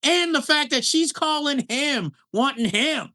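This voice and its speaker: A man co-hosting a podcast, chatting casually about a movie, animated, laughing often and restarting his sentences. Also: very high-pitched, a little slow. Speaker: podcast co-host. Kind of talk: casual film review chat.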